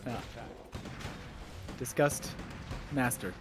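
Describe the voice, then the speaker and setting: A man co-casting a competitive strategy game, joking around and shouting when the action heats up. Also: mid-range voice, very slow, music in the background. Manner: excitable, shouts at big plays, jokey. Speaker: esports caster. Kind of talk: casual game commentary.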